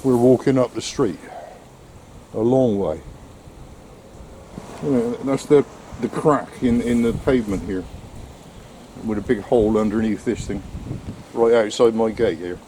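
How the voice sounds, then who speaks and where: A man's voice: mid-range voice, a little slow, pauses often, mellow, a little hiss or hum. Grumbling out-of-breath man. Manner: grumbling, exasperated, swears mildly. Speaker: vlogger. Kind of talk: casual vlog commentary while walking and driving. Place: outdoors on a street in the rain, then inside a car.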